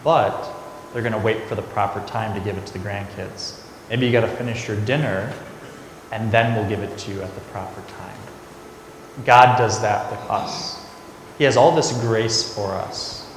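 A priest giving a conversational homily, telling a family story before turning to scripture. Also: male voice, mid-range voice, a little hiss or hum. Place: large church. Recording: echoey church recorded from afar.

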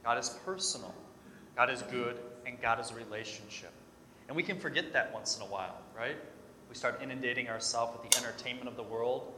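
A Catholic priest giving a conversational sermon, telling stories and acting out the voices in them. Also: male voice, medium pitch, a little fast, noisy background. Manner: storytelling, acts out quoted voices, conversational. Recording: echoey church hall with long reverb.

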